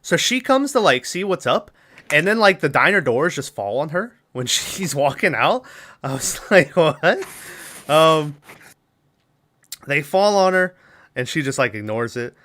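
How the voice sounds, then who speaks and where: A man's voice: a little high, big pitch swings, measured pace, bright, forceful tone. A man co-hosting a podcast, casually recapping a film's plot in a rambling way, laughing often and acting out lines. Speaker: podcast co-host.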